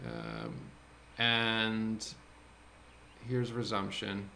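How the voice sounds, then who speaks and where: Excitable bright-voiced man recapping trades. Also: medium pitch, slight background noise. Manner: excitable, thinking aloud with quick restarts. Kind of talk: casual screen-share trade recap.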